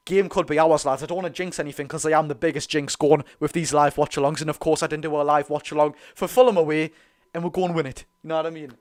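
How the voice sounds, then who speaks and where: Fast-talking Geordie man commentating football. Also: on the high side. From North East England. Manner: talks very fast; animated, cheers players on. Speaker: fan host of a live watch-along. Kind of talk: excited live football commentary.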